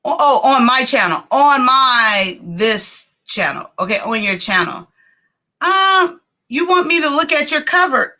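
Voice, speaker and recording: High, lively woman live-streamer. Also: slow. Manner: chatty, laughs often, reads viewer names aloud. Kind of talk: casual live-stream chat.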